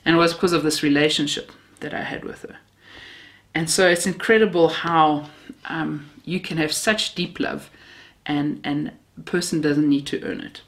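A woman's voice: low voice, steady tone, moderate pace. Woman preaching heartfelt stories. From Namibia. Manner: heartfelt, self-mocking humor, near tears at times. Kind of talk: sermon with personal stories.

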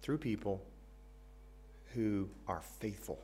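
A man's voice: lowish voice, takes it slowly, mellow, slightly rough. An American man preaches a sermon in an earnest tone. He puts questions to the congregation and drops in light jokes between his points. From United States. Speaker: pastor.

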